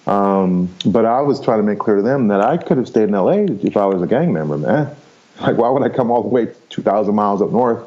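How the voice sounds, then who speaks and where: Man, 50s, podcast guest, very low voice, frank storyteller, muffled audio. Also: expressive, a little fast, dark tone. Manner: frank, rambling, laughs easily, swears casually. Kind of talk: candid storytelling interview.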